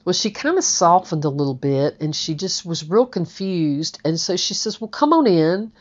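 Candid low-voiced woman telling her story. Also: lively intonation, normal speed. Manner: candid, rambling, repeats words. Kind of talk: personal storytelling. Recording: dull lo-fi recording.

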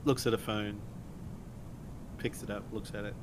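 A man playing in a tabletop game, narrating his character hesitantly with many pauses. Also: loud music behind the voice. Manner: hesitant, lots of ums. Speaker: player. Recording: steady rumble in background.

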